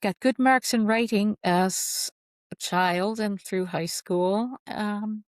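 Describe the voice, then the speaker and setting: A woman author chatting in an interview, telling stories in a lively way and acting out the voices she quotes. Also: medium pitch, slow, no echo, clean studio sound. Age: older. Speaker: guest author. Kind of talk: casual interview chat.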